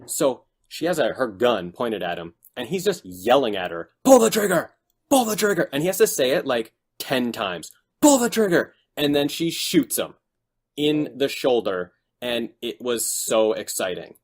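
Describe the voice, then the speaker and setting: Animated man co-hosting a chat podcast. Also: medium pitch, a little slow. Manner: animated, exaggerated retelling with quoted lines. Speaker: podcast co-host. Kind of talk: casual chat.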